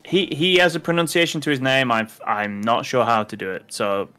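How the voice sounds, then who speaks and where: A man's voice: mid-range voice, expressive, moderate pace, pushed and bright, clear, resonant tone, soft background music. A man from the UK chatting casually while playing a game, rambling with many fillers and restarts. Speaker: co-host. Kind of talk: casual chat over gameplay.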